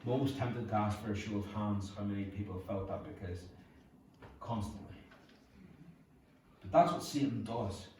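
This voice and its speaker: A man's voice: lowish voice, normal speed, pauses often, a little mellow, a little hiss or hum. A man with a Northern Irish accent preaching a humorous, conversational sermon as pastor. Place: church hall. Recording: echoey hall from far off.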